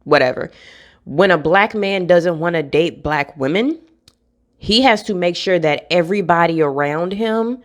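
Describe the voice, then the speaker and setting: A young woman, speaking bluntly and with frustration in a candid vlog rant, swearing freely. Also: deep voice. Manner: blunt, frustrated, profane, laughs between points. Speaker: vlogger.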